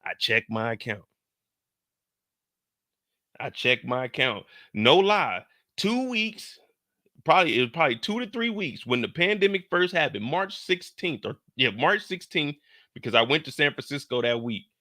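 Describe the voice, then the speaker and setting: A man in his thirties hosts and tells a story in a loose, animated way, swearing freely and acting out the other people's lines. His voice sits fairly high and sounds very bright and sharp. It is recorded close and dry, with almost no room sound. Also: normal speed, no room sound. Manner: animated, profane, acts out quoted dialogue. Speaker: show host. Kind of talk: casual storytelling.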